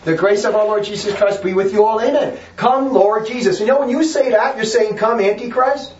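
A man's voice: sits high, fairly quick, reverberant, far from the mic, muffled recording. A man preaching a fiery, emphatic sermon, hammering his points with repetition.

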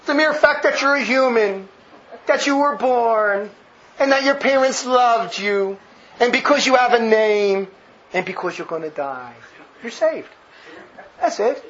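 A man's voice: very high voice, animated, unhurried, a bit bright. A man giving emphatic, sarcastic commentary on a speech, laughing at his own jabs. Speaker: religious commentator. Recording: dull lo-fi with faint noise.

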